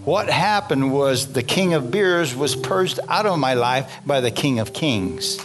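An older man preaches in a church with fervent, folksy warmth, calling out for amens and hallelujahs. His voice sits in an ordinary middle register. Instrumental music plays clearly behind him. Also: mid-range voice, lively intonation, measured pace, hardly any pauses. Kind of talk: sermon.

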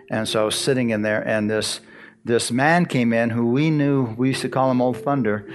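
A man in his sixties from Arizona giving a folksy church testimony, chuckling often and restarting his words as he tells the story. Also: medium pitch.

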